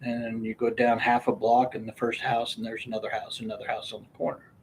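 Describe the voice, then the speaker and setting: A man's voice: mid-range voice, flat delivery, fairly quick, slight background noise. An older man telling rambling casual stories from his youth, often breaking into laughter. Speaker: storyteller. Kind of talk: casual storytelling.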